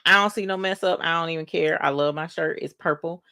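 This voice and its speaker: A woman hosting a casual craft livestream, chatting and greeting viewers by name with drawn-out exclamations. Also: sits low, bright, forceful tone, clean tone, no room sound, clean studio sound.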